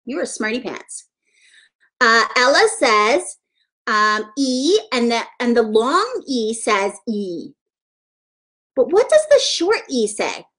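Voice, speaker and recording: Woman teacher, sing-song, encouraging, slow and unhurried, bouncy high-ish voice, praising kids. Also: big pitch swings, a bit bright. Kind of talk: live online literacy lesson for young children.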